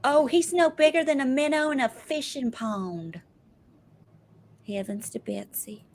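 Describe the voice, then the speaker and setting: A woman's voice: sits high, measured pace, a little mellow, slight background noise. A woman putting on a folksy voice, reeling off old country sayings in a sassy, drawling way. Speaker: podcast co-host.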